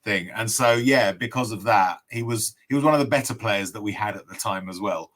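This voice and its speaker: Lowish voice guy, kinda hesitant, restarts a lot on a football chat. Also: a little fast, a bit bright. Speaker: podcast guest. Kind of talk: casual chat.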